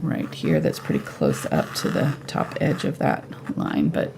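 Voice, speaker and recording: A woman giving a live painting tutorial at home, relaxed and thinking aloud as she paints. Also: very deep voice, unhurried, creaky, background noise. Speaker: painting instructor.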